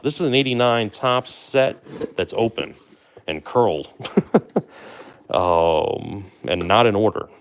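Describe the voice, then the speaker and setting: A man with a low, deep voice hosts a live stream in a relaxed, chatty way. He talks loosely with plenty of fillers and asides to his viewers. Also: a little slow. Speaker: livestream host opening baseball card boxes. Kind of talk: casual live-stream commentary.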